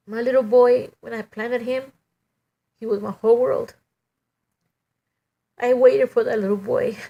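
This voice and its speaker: A middle-aged woman giving a halting, emotional personal testimony, full of "you know" and restarts. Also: a little high, gravelly, mellow, slightly rough.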